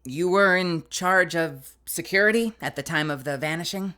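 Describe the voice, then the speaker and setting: A woman voicing a puzzled young male defense lawyer in a game, asking halting, hesitant questions in a lowered voice. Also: noisy background, lightly acted.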